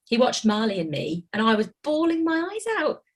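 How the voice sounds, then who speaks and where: Husky mother telling lively stories. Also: a little high, brisk. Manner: animated storyteller, laughs often. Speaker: parent of an autistic son. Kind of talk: casual group chat.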